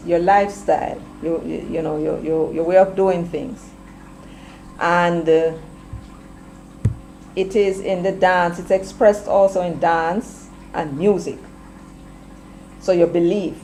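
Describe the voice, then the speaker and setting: A Jamaican woman hosting casual commentary, chatty, slipping between patois and English, her throat a little hoarse. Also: lowish voice, warm tone, slight background noise, poor audio. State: slightly hoarse, clearing throat. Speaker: commentary channel host.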